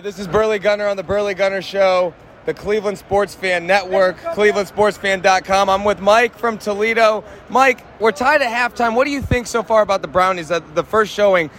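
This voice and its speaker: A man with a voice that sits high is broadcasting his fan-run sports show live from an outdoor football stadium's stands. Losing his voice, he rambles and shouts with hyped energy over the loud crowd and stadium noise.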